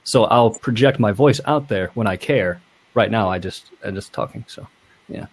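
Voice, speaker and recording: A man's voice: fairly low pitch, moderate pace. A man who runs a podcast, chatting casually and plainly about how he uses his voice. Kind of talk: casual conversation.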